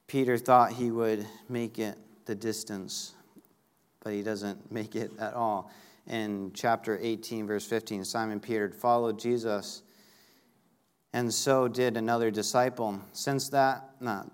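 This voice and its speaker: A man's voice: medium pitch, clean tone. A man giving a sermon, reading scripture aloud and explaining it in a conversational way, with emphatic peaks. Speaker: preacher.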